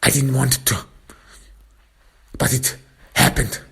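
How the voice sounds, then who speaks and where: A man voicing a weeping middle-aged father who pleads and begs in a high, sobbing voice. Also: fairly even intonation, takes it slowly, gravelly, fairly bright tone, husky, heavily acted. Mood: pleading. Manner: sobbing, begging.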